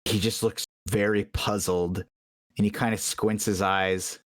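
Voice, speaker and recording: Man, game master, casual narration, slow, low voice. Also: little pitch movement, dry recording, clean studio sound.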